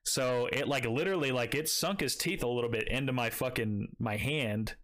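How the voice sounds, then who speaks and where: A young man in the middle of a casual podcast chat, spinning a long story in a loose, rambling way. He swears freely and scatters filler words all through his sentences, keeping his pitch at an ordinary mid level for a man. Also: normal speed, fairly bright tone.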